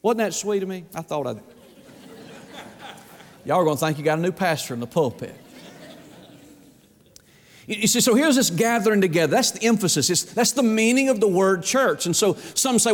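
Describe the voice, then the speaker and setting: A Southern US pastor preaching in a high, bright register, emphatic and folksy as he presses his points with rhetorical questions. His voice rings through a large sanctuary, trailing a long reverb tail. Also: animated, moderate pace, long pauses. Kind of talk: sermon. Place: church sanctuary.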